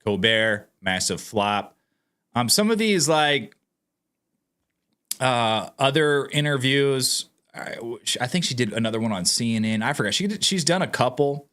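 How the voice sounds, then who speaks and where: A man with a bright, ringing voice delivers sarcastic commentary and speaks straight to his viewers. His pitch swings widely and he sounds animated throughout. It has the easy, casual feel of a vlog. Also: a little slow, clean tone. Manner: sarcastic, mocking; animated, addresses viewers directly. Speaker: political commentator.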